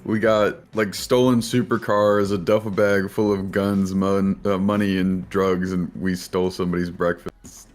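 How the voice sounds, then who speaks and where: A man's voice: sits low, little pitch movement, normal speed, few pauses. A man playing a tabletop game, making wry jokes and swearing casually. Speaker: player.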